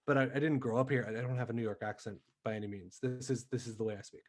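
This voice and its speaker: A man's voice: medium pitch, fairly even intonation, very fast. A man, a stage actor guesting on a podcast, talking in a thoughtful, rambling way full of fillers. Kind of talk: casual chat.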